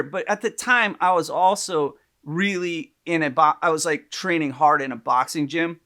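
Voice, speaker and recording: A man's voice: on the high side, moderate pace. A man co-hosting a podcast, telling a personal story in casual chat and acting out the people he quotes. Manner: animated storyteller, acts out quotes loudly. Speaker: podcast co-host.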